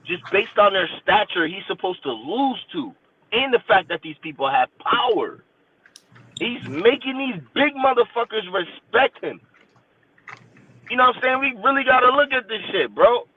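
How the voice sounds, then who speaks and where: A man with a high voice makes an emphatic, profane case as a debate panelist. He sounds thin and tinny, as though on a phone line. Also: dry recording. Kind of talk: heated casual debate.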